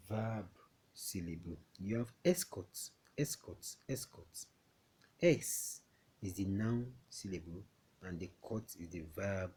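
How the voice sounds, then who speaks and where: A man from Nigeria teaching a classroom English lesson, slow and repetitive, often checking that students understand. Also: deep voice, mellow, breathy edge.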